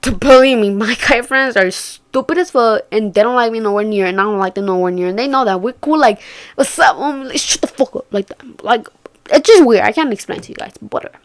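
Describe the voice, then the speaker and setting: A woman's voice: on the high side, quick pace. Chatty young woman, slangy storytelling. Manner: chatty, swears a lot, acts out quoted friends. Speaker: vlogger. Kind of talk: casual storytime chat.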